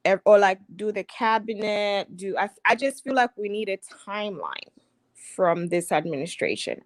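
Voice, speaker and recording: A woman's voice: mid-range voice, measured pace, fairly bright tone, dry recording. A woman speaking as a panelist in a casual discussion, hesitant with many fillers and sounding impatient.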